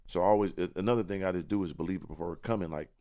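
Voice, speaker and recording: A man's voice: sits low, racing, mellow. A man in a casual podcast interview, talking about himself with confidence and often repeating words as he searches for the next one. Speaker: guest.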